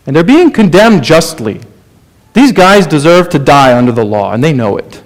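An earnest male preacher with a voice pitched a little above average. He poses questions to his listeners and lets his voice fall soft and low when driving a point home. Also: very animated, moderate pace. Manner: earnest, rhetorical questions, drops to soft low delivery for emphasis. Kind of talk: sermon.

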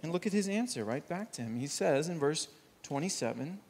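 Earnest male preacher, slightly high voice. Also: lively intonation, fairly quick, a little mellow, slightly rough. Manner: earnest, rises for emphasis and drops low to stress points. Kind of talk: sermon.

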